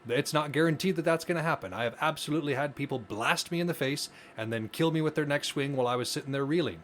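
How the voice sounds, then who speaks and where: A man's voice: on the high side, fast talker, fairly bright tone, slight background noise. A man co-hosting a podcast, explaining ideas earnestly in casual conversation, often restarting his phrases. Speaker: podcast co-host.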